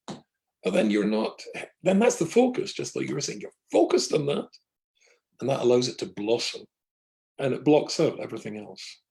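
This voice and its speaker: Gravelly older rabbi telling stories. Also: male voice, mid-range voice, a little mellow, low-quality recording. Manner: storytelling, reflective. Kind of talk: casual conversation.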